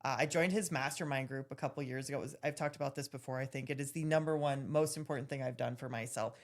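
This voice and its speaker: Low-voiced woman, candid and animated. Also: fast talker. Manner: candid, animated storytelling with laughs. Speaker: podcast co-host. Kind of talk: casual chat.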